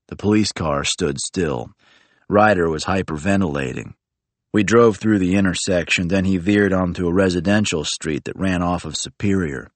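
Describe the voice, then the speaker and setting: Deep-voiced man reading an audiobook. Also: normal speed, no room sound. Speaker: audiobook narrator. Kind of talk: first-person audiobook narration.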